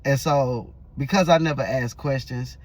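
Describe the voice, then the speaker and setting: Male vlogger, casual rambling storyteller, mid-pitched, lots of restarts. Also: moderate pace. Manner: loose, rambling, with restarts and fillers.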